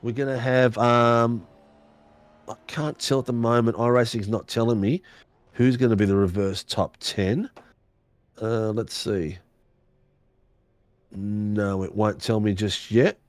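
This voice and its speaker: A man's voice: on the low side, steady tone, slow, long pauses, no room sound. A man commentating a sim racing broadcast, chatty and laughing, full of slangy banter. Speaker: race commentator.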